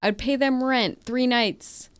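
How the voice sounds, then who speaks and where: Tipsy woman on a podcast, high-ish voice, blunt quick questions, dry close sound. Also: fairly even intonation, no echo. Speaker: podcast co-host. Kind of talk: casual chat.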